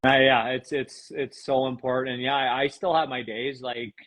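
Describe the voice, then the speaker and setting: A man guest on a podcast, telling a personal story earnestly and with emotion, often pausing with "um". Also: mid-range voice, flat delivery, fairly bright tone, slight background noise, low-quality recording. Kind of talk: casual conversation.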